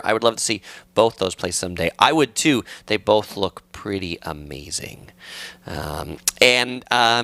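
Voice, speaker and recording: A man from Southern California hosting a travel channel's live stream, reading chat questions and answering in a relaxed, chatty way with many ums and uhs. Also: medium pitch, gravelly, no room sound.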